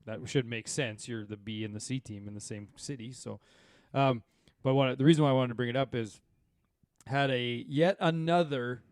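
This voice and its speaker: Sex: man. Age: 30s-40s. Role: podcast co-host. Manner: animated, rambling storyteller. Sound: dry, close. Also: mid-range voice, normal speed, clear, resonant tone, no echo. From Saskatchewan, Canada. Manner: animated storyteller, rambling with many fillers and asides. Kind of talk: casual chat.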